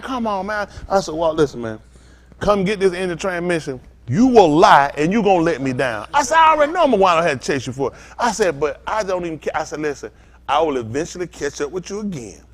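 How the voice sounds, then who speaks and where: A man preaching an informal sermon, telling a story and acting out both sides of it with lots of laughter. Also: high-pitched. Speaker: pastor.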